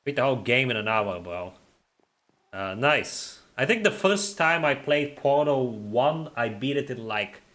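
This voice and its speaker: A young man talking off the cuff on a live stream, answering chat with a mock-outraged, joking edge. His voice sits in an ordinary middle pitch. He laughs a lot and repeats words as he stumbles over his thoughts. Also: a bit bright. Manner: jokey, laughs often, teasing viewers.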